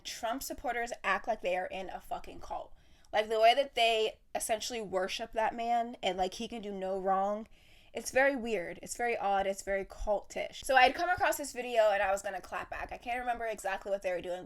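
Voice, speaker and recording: A young woman hosting a podcast, ranting in a heated, profane, casual monologue. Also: a little high. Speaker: podcast host.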